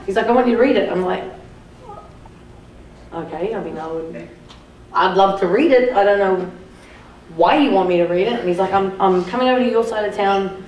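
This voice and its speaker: A woman's voice: medium pitch, a little fast, darkish tone, slight background noise. A young woman with a New Zealand accent telling a story to a live audience, swearing freely and laughing often. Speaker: guest speaker at a film screening. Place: cinema auditorium. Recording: echoey cinema taped from far off.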